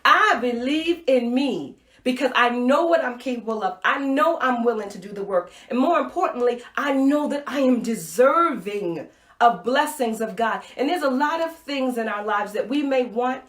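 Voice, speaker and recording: Woman host, live-stream inspirational talk, animated storyteller, higher voice, echoey room. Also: moderate pace. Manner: animated storytelling, acts out her own reactions; drops to a soft, intimate voice for key points. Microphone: Facebook Live stream, webcam or phone mic.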